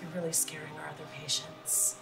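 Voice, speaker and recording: A woman's voice: low-pitched, little pitch movement, brisk, creaky. An actress playing a curt woman at a dentist's front desk in an ad, polite but cold. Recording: distant voice under loud music.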